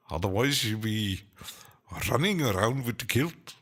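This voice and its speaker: A man's voice: medium pitch, fairly bright tone. A man hosting a casual live stream, chatting hesitantly with lots of fillers and little chuckles as he answers his chat.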